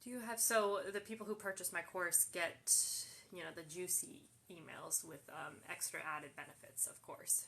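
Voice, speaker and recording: Bright-voiced woman answering live questions. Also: lowish voice, fairly even intonation, normal speed, vocal fry, few pauses. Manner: reads questions aloud then answers, many fillers. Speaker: host answering viewer questions. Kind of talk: casual live Q&A. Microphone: phone livestream.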